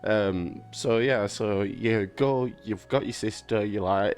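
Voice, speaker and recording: A man's voice: lowish voice, slow pace, darkish tone. A young man in a casual, rambling gaming chat, swearing freely and laughing often. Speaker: gaming vlogger.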